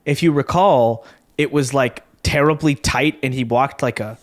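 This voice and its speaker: A man co-hosting a casual chat about a TV episode, animated, exasperated and mocking. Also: medium pitch, moderate pace. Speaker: podcast co-host.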